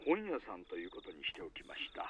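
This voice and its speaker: A courteous, sly detective. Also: male voice, low-pitched, wildly swooping pitch, racing. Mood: polite. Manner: courteous and roundabout. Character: polite, sly middle-aged male police detective. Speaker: police detective calling on the phone. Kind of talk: voiced video game dialogue. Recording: tinny phone-like sound with faint hiss.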